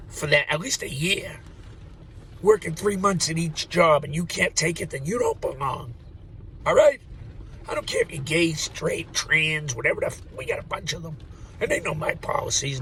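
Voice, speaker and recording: Gravelly man ranting with lively swings. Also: fairly high pitch, a little hiss or hum, low-quality recording. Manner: profane, rambling, laughs at own jokes. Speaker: postal worker vlogger. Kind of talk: rambling opinionated monologue.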